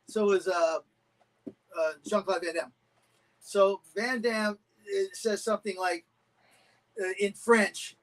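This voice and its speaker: A middle-aged man, a karate champion guest, telling animated stories and acting out quotes in a casual interview. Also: sits high, rough recording. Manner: animated anecdotes with acted-out quotes.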